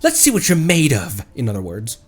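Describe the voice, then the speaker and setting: Casual male streamer, animated pitch, rambling and self-correcting, faint music underneath. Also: fairly quick. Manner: chatty, rambling, self-correcting, laughs easily. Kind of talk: casual gameplay chat.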